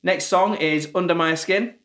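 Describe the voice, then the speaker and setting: A man, co-hosting a casual music podcast, relaxed and joking as he asks questions. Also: high-pitched, moderate pace. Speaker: podcast co-host. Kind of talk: casual chat.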